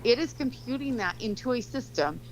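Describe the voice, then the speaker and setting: A woman's voice: a little high, lively intonation, fairly quick, muffled recording, a little hiss or hum. A woman telling a story in casual chat, rambling and swearing freely, leaning heavily on "like". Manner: rambling, profane, heavy use of "like".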